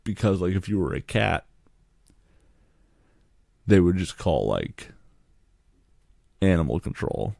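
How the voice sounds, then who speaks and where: A man's voice: low-pitched, sing-song, slow pace, creaky, long pauses, dark tone, dry recording, clean studio sound. A young man hosting a casual podcast, rambling and joking with lots of swearing. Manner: profane, rambling and jokey. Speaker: podcast host.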